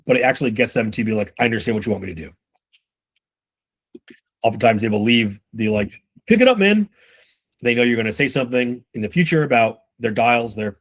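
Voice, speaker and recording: Man, sales trainer, casual coaching talk, swears freely, acts out little dialogues, middle pitch. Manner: loose and profane, acts out quick dialogue.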